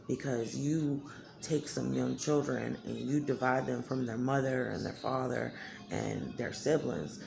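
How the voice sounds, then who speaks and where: A woman with a deep, gravelly bass voice speaks candidly to her viewers. This vlogger is blunt and emotional, talking straight to camera and swearing freely.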